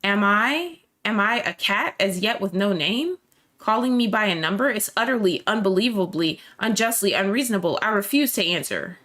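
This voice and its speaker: A woman's voice: medium pitch, expressive, normal speed, a bit bright, lightly acted. A woman reading aloud the lines of a jittery young male student prisoner from a game, in florid, alliterative complaints. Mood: indignant.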